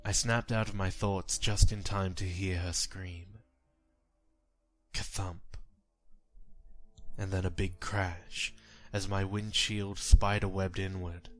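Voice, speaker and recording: A man reading a horror story aloud in a measured, grim storytelling manner. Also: deep voice, little pitch movement, a bit bright. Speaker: narrator. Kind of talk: scripted horror story narration. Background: faint music.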